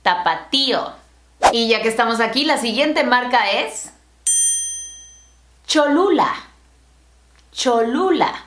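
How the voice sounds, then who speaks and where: A young woman teaching pronunciation in a bilingual lesson, speaking with clear, deliberate enunciation. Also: on the high side, animated, fairly bright tone, reverberant, a little hiss or hum. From Latin America. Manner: clear, deliberate enunciation, switching between English and Spanish. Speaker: language teacher.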